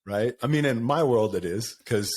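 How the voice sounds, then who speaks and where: A middle-aged man hosts a casual podcast chat, speaking candidly and loosely. He rambles between thoughts and laughs easily. His voice sits at an ordinary male pitch. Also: moderate pace, a little mellow, husky. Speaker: podcast host. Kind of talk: casual conversation.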